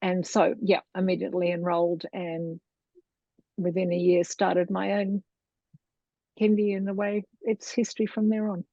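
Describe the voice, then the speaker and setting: A woman's voice: lowish voice, level tone, normal speed, dry recording. Chatty Australian woman, dull dry recording. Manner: chatty, wandering, laughs often. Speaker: guest, Montessori lecturer. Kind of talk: casual storytelling interview.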